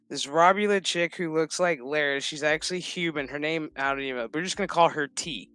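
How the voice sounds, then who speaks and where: A man's voice: on the high side, moderate pace, fairly bright tone, clean tone, no echo. Rambling, foul-mouthed male streamer. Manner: rambling, profane, laughs often. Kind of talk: casual episode recap. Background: background music.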